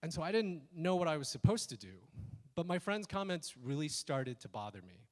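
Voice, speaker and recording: A man telling a personal story on stage at a speaker event, animated and acting out the lines he quotes. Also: fairly high pitch, a little fast. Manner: animated, acts out quoted lines in shifting voices. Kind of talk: live storytelling talk.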